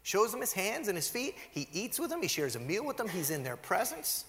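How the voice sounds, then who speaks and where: Animated high-voiced man preaching in a hall. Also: brisk, few pauses, slight background noise. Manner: animated storytelling, acts out quotes. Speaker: pastor. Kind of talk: sermon. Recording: long hall reverb.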